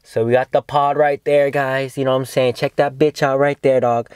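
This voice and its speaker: A man's voice: medium pitch, level tone, normal speed, a little mellow, clean tone, dry recording, studio quality. Slangy, swearing young man reviewing weed. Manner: laid-back slangy, swears a lot, calls viewers dog and bro. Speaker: cannabis reviewer. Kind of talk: casual vlog review.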